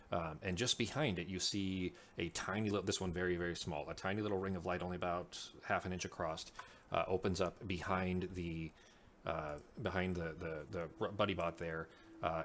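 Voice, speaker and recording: Deep-voiced man narrating a tabletop game. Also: a bit bright, slight background noise. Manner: halting, many fillers and restarts. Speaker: game master. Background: background music.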